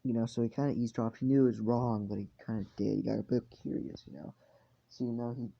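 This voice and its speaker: A man's voice: mid-range voice, fairly even intonation, fast, vocal fry, warm tone, lo-fi sound. A tired man narrating a fan story in a casual, rambling way, full of fillers and swearing.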